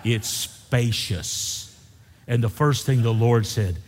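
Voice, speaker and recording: A man preaching a sermon, building to loud repeated refrains and joking with the congregation. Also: medium pitch, slow. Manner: preaching with rising intensity, repeating phrases. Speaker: pastor. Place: church sanctuary. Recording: church hall with long reverb.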